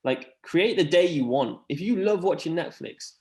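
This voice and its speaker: A man's voice: on the high side, lively intonation, normal speed, darkish tone. Earnest rambling man, roomy echo. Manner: earnest, rambling, many "like" fillers. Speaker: podcast guest. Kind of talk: casual chat.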